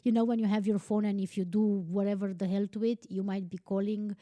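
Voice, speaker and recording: A young woman from Romania, hosting a podcast and telling a personal story in a chatty, animated way, full of "like" fillers and casual swearing. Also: medium pitch, fairly quick, dry recording, studio quality. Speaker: podcast host.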